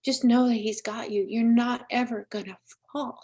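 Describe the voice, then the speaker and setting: A woman's voice: on the high side, fairly even intonation, moderate pace, darkish tone, husky. A woman hosting a live-streamed psychic reading, speaking earnestly and emotionally straight to a viewer. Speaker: psychic medium host.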